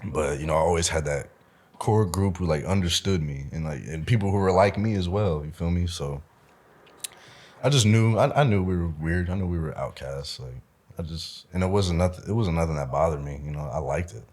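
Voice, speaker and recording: Laid-back low-voiced young man, laughing a lot. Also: a little fast, darkish tone. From Omaha, United States. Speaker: podcast guest, musician. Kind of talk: casual interview chat.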